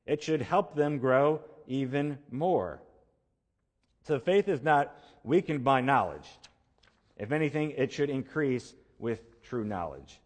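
A man's voice: mid-range voice, lively intonation, slow pace, big-room sound. A male pastor giving a conversational sermon, repeating key phrases for emphasis. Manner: conversational preaching with emphatic repetition.

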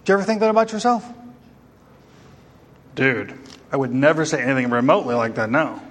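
A man's voice: medium pitch, animated, a little fast, pauses often, fairly bright tone. A man preaching a sermon to a congregation, emphatic and full of rhetorical questions. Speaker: pastor. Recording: long hall reverb.

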